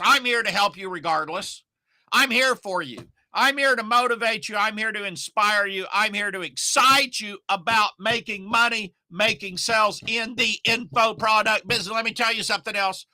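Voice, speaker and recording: A middle-aged man from Oklahoma gives a folksy, emphatic pep talk on selling, his voice set high and very bright, with sudden loud bursts. He talks straight into a dry, close mic. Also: no echo. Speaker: online marketing coach. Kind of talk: motivational talk to camera.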